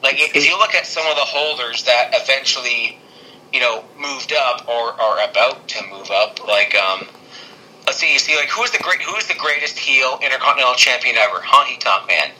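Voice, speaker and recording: A man's voice: mid-range voice, lively intonation, normal speed, bright, forceful tone, slight background noise, rough recording. A man co-hosting a podcast, rambling casually with many restarts and fillers. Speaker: podcast co-host.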